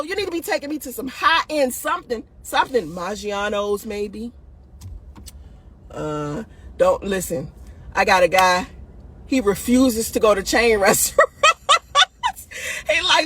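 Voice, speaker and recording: A woman's voice: medium pitch, expressive, a little slow, long pauses, fairly bright tone, husky. A woman hosting a video, giving dating advice in blunt, profane casual talk, laughing often and tossing "listen" and "right?" at her audience.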